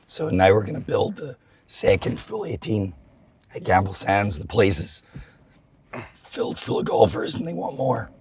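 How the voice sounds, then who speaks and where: A man who has lost his voice, talking hoarsely about golf course design in casual chat. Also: on the low side, sing-song, normal speed, far from the mic, a crowd in the background. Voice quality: gravelly, strained.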